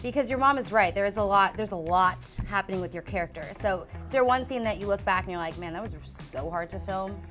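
A woman's voice: mid-range voice, fast talker, few pauses, fairly bright tone, faint music behind. A woman interviewing a guest in a bubbly, chatty way, a little out of breath, saying "like" a lot. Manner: bubbly and chatty, heavy use of "like". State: a bit out of breath. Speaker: entertainment news interviewer. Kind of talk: casual interview.

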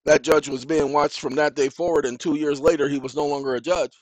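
Man, slightly high voice, dry sound; blunt, informal lecturer who hammers points home by repetition. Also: steady tone, brisk, a little mellow, no room sound, low-quality recording. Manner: blunt, emphatic, lecturing, repeats phrases for stress; informal street-style speech. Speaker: self-help legal educator. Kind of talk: direct-to-camera lecture.

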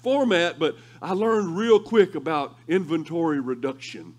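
A male pastor preaching a sermon through lively, humorous storytelling. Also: a little high, a little slow. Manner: animated, humorous storytelling with laughter.

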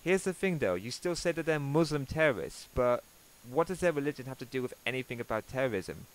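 A man's voice: medium pitch, animated, fairly quick, poor audio. A young Welsh man with a Welsh accent giving sarcastic, swear-filled commentary on a video he is reacting to. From Wales.

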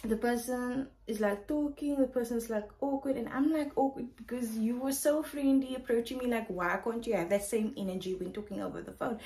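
A woman's voice: fairly high pitch, moderate pace, rough recording. Chatty woman vlogger telling a story. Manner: animated, chatty storytelling full of "like". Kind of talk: casual story time.

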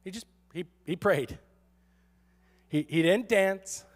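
A man's voice: sits high, slow pace. A man who is a pastor, giving a sermon in a playful, sarcastic storytelling manner and acting out quotes.

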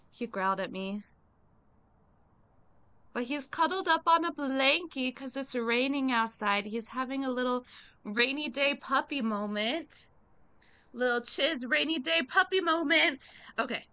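Woman game streamer, bright and slightly high voice, slangy chatter to chat, hums idly between remarks. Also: unhurried, long pauses, smooth. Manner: slangy, talks straight to chat. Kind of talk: casual live-stream chat.

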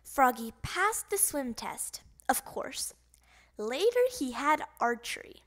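Woman, children's audiobook reader, high animated delivery, slow pace. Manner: expressive, sound effects voiced. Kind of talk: children's storybook narration.

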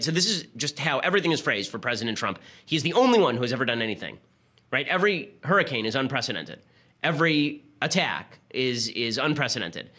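A male political talk host speeding through a monologue in a bright, forceful voice. He argues sharply and leans on sarcasm, stacking one point on the next without slowing down. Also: medium pitch, sing-song. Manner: rapid-fire, sarcastic, argumentative.

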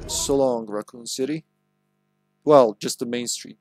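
A man's voice: medium pitch, measured pace, darkish tone. A man streaming a video game, giving casual, chatty commentary with swearing and laughter. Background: game music.

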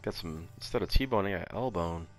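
A man's voice: sits low, normal speed. A man giving casual, joking gameplay commentary, full of exclamations. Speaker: gamer. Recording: game audio with loud music.

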